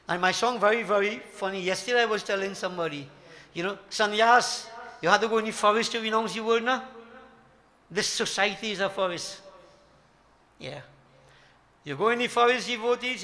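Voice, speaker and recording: A man's voice: high-pitched, moderate pace, long pauses, bright, forceful tone. An older man gives a devotional sermon, emphatic and full of rhetorical questions to his devotees. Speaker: Hindu spiritual teacher.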